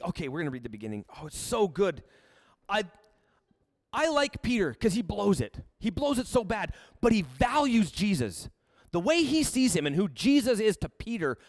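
A man's voice: high voice, no echo, studio quality. A man preaching a sermon with casual, joking asides as he reads and explains scripture. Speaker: pastor.

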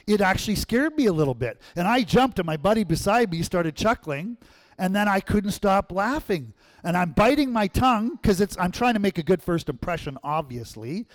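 A male pastor preaching a sermon in church, telling stories and acting out voices, swinging between loud and hushed. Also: high voice, moderate pace. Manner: animated storyteller, acts out quotes, swings from loud to hushed.

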